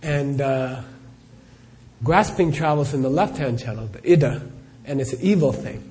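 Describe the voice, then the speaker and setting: A man's voice: mid-range voice, normal speed, a little mellow, slight background noise. A middle-aged man, a Buddhist teacher, answering questions in a live talk as a chatty storyteller who laughs often and says "you know" a lot.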